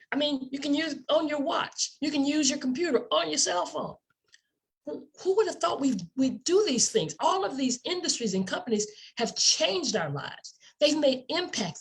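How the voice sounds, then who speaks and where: A woman giving an enthusiastic sales presentation, asking the listener rhetorical questions and repeating words for emphasis. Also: sits high. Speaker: company presenter.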